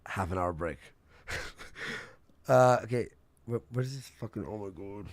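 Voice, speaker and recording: A man's voice: fairly low pitch, normal speed, no echo. A young man hosting a casual livestream, telling rambling gossip stories with lots of swearing and laughter. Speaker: streamer host.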